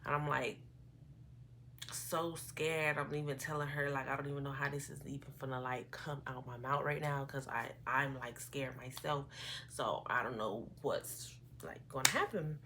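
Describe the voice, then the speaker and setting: A woman in her early twenties telling an animated, rambling story on her vlog, often quoting herself. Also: extremely low pitch, moderate pace, noisy background. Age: 20s. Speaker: vlogger. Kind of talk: casual storytime. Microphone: phone camera.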